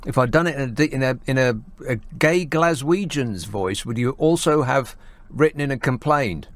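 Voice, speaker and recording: A man's voice: medium pitch, normal speed, few pauses, fairly bright tone, no room sound. Man, radio phone-in host, sardonic, mocking asides, casual banter. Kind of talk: late-night talk radio banter.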